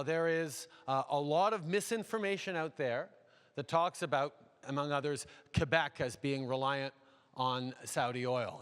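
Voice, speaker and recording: A man, a politician, answering audience questions at a town hall in a measured way, repeating phrases and using frequent fillers. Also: mid-range voice, a bit bright, clear, resonant tone. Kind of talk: unscripted public Q&A answers. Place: large university hall. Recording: long echo of a big hall.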